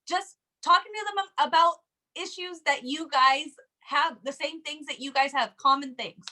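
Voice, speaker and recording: A woman's voice: high-pitched, normal speed, bright, forceful tone. A woman in casual chat, giving emphatic, direct advice on recruiting. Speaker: network marketing coach.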